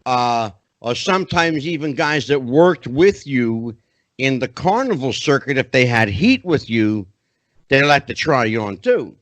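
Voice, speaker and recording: A man's voice: mid-range voice, lively intonation, measured pace, a bit bright, no room sound. A middle-aged man hosting a podcast interview, chatty and often rephrasing himself. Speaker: podcast host.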